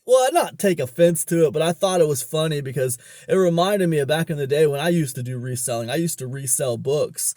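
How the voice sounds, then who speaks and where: A man's voice: on the high side, lively intonation, fairly quick, hardly any pauses, darkish tone, dry recording, clean studio sound. A man talking about online business in a casual storytelling monologue, rambling along with many fillers and restarts.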